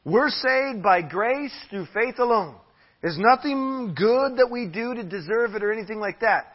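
A man preaching a sermon in a church, emphatic and animated, drawing out key phrases slowly. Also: high voice. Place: church hall. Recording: dull lo-fi church audio.

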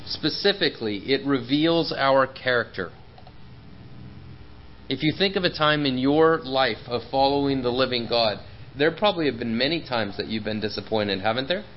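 A man's voice: medium pitch, lively intonation, moderate pace, muffled recording, slight background noise. A man preaching a sermon in an earnest, personal way, with frequent fillers and repeated words.

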